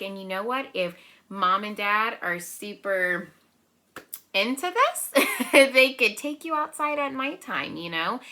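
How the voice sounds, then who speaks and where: A young preschool teacher leads a remote circle-time lesson for small children in a mid-range voice. She's gentle and encouraging, often asking "right?" to check in, and slowly counts and claps out syllables.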